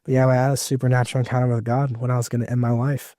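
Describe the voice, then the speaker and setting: A man's voice: mid-range voice, little pitch movement, rapid-fire, mellow, no echo, studio quality. Emotional young man sharing his testimony. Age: 20s. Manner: rambling, many fillers and restarts, emotional. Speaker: evangelist guest. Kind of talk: personal testimony in conversation.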